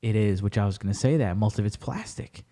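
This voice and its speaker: A man hosting a podcast, chatting casually and telling animated stories with plenty of swearing. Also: on the low side, fairly quick. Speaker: podcast host. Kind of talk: casual chat.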